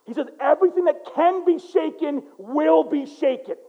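Animated high-voiced preacher, casual and loud. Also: male voice, normal speed, vocal fry, dull audio. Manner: casual, animated storytelling, swings from hushed to loud. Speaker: pastor. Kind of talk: sermon with personal stories.

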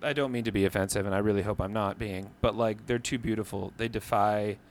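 A man's voice: lowish voice, fairly quick, a little hiss or hum. A man co-hosting a podcast, telling history stories in a casual, joking way with some swearing. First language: English. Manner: animated, jokey storytelling with profanity. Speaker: podcast co-host. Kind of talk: casual comedic chat.

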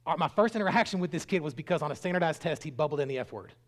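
A man's voice: fairly high pitch, expressive, rapid-fire. Earnest man preaching a sermon. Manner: earnest storytelling, swinging from loud bursts to hushed lines. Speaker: pastor.

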